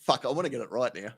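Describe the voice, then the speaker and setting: A man's voice: on the high side, vocal fry, sharp tone, husky. An Australian man hosting a live stream, casually chatting with viewers, swearing freely and laughing often. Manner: profane, laughing, joking with chat. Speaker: livestream host. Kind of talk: casual live chat reading comments.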